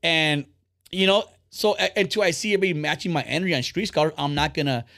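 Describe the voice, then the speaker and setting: A podcast host talking in a quick, rambling flow, blunt and freely profane. His voice sits a bit high for a man. The sound is dry and close, with no room echo. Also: vocal fry, pushed and bright. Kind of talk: casual podcast chat.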